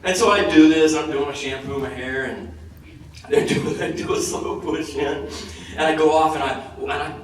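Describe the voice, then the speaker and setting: A man's voice: on the high side, normal speed. A man as a convention panel guest, swearing constantly as he tells a rambling comic story. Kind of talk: profane comic anecdote. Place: large convention hall. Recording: echoey hall, distant mic, loud crowd noise.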